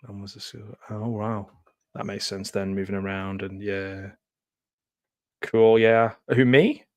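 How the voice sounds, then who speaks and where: A man hosts a casual live film commentary from home, chatty and full of asides, laughing often. His voice is lowish and level, his pace measured, with no echo.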